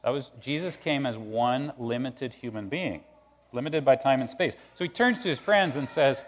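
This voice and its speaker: A man's voice: a little high, moderate pace. Conversational male pastor in a reverberant hall. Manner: conversational, animated, acts out quoted voices. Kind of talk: sermon.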